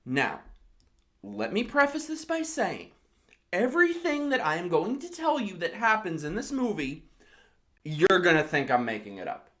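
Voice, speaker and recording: A tipsy woman hosting a drunk comedic movie recap, telling it in an animated way with lots of swearing and exclamations. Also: lowish voice, normal speed. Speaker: host.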